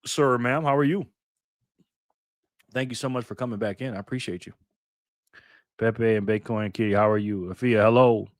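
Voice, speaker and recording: A man's voice: medium pitch, steady tone, normal speed, long pauses, dry recording. Older guy doing a live stream, hypes up the chat then mumbles to himself, dry close mic, mid voice. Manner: loud upbeat shout-outs, drops to mutters while fiddling with phone. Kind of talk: casual live stream chat greeting viewers.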